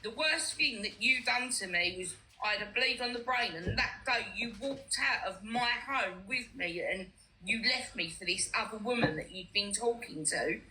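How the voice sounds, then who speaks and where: A young woman tells a personal story in a bright, clear voice and acts out what each person said. Her talk is frank and casual, like a live stream chat. A faint hiss sits behind her. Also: medium pitch, moderate pace, low-quality recording. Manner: frank storytelling, acting out exchanges. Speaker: host.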